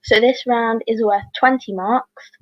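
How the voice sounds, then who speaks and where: A woman hosts a livestreamed quiz, reading questions in a fairly high voice and breaking off to correct herself. The sound is dry and a little dull, like a home mic. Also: steady tone, a little slow, no room sound. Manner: chatty, apologetic asides, corrects herself. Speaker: quiz host.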